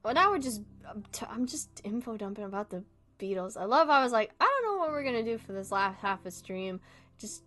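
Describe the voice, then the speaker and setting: A woman's voice: fairly high pitch, very animated, a little fast, pushed and bright. A young woman streamer in casual chat, rambling, giggling often and swearing freely.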